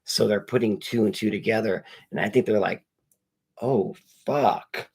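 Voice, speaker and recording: A man's voice: on the low side, fairly even intonation, fairly quick, husky. A man casually recapping a horror movie with spoilers while unboxing comics, rambling and swearing as he quotes the characters. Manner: rambling, profane storytelling with quoted dialogue. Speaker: movie reviewer.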